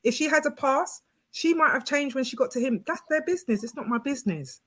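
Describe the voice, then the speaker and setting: A woman's voice: sits high, expressive, brisk. A woman on a video-call panel, giving firm opinions as a mother of a son. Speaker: panel guest. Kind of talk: casual panel discussion.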